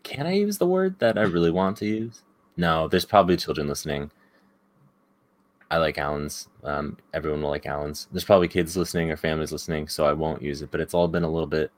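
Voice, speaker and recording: A man's voice: low voice, fairly quick. A man co-hosting a soccer podcast in casual chat, with dry joking asides. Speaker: podcast co-host.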